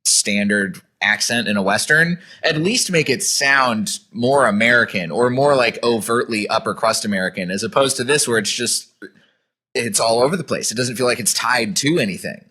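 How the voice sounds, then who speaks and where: A man hosting a casual film review podcast, thinking aloud in a measured, hesitant way. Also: mid-range voice, bright, forceful tone, slightly rough. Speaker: podcast host.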